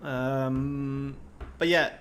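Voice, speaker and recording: Young male livestream host, casual and profane, hyped and motivational, average pitch. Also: fairly even intonation, extremely slow, fairly bright tone, slight background noise. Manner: swears constantly, pumped-up and motivational.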